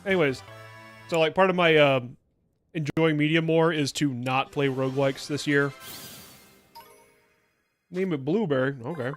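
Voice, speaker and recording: A man's voice: a little high, normal speed, long pauses, soft background music. A man streaming a video game, talking casually with rambling jokes and frequent bursts of laughter. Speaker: VTuber streamer. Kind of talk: casual let's-play commentary.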